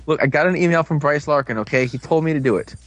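A man's voice: a little high, fast, no echo. A young man in casual chat with friends, teasing them in a know-it-all way.

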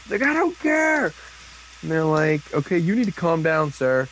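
A man casually recapping a show episode with a rambling manner, tossing in quick voices for the characters. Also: a little high, a little hiss or hum, poor audio. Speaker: podcast co-host.

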